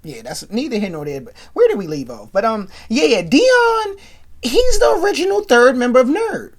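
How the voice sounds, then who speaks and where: A woman's voice: a little high, normal speed. A woman hosting a casual, rambling recap with lots of asides. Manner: rambling, animated, full of asides. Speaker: podcast host. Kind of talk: casual episode recap commentary.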